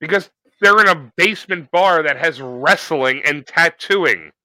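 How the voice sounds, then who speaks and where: A man's voice: on the high side, animated, measured pace, bright, forceful tone, no echo. Brief: crude jokey male podcast co-host, dry close sound, casual banter. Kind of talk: casual movie watch-along banter.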